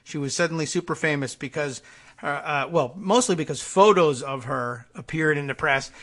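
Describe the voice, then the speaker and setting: A man's voice: on the high side, normal speed, a bit bright. A man hosting a political talk show who rambles through sardonic, digressive commentary with many asides and filler words. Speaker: podcast host.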